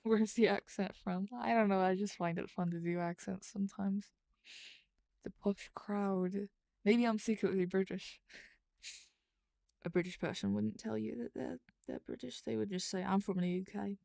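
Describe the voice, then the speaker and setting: A woman's voice: medium pitch, steady tone, moderate pace, vocal fry, mellow, dry recording, clean studio sound. A woman streamer chatting casually with her viewers late at night, rambling and thinking aloud as she writes. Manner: rambling, thinks aloud while typing, answers chat. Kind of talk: casual live-stream chat while writing.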